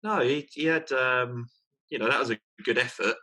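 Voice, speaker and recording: A man's voice: mid-range voice, moderate pace, bright, forceful tone. A young man co-hosting a casual football chat, hesitant, repeating his words and laughing at himself. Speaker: podcast co-host.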